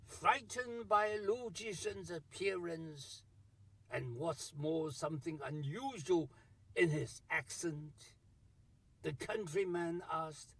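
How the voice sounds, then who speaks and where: A man tells an old story in a theatrical way and speaks straight to his audience. His voice is high and swings widely in pitch, with a gravelly, husky grain. He talks very slowly into a close, dry mic. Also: expressive, a bit bright, no room sound. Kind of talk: storytelling narration.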